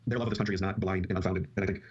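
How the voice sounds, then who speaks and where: A man with a husky voice races through impassioned, speechifying points. His voice sits a little low. The podcast audio is dull and lo-fi. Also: fairly even intonation, rapid-fire. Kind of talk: casual political chat.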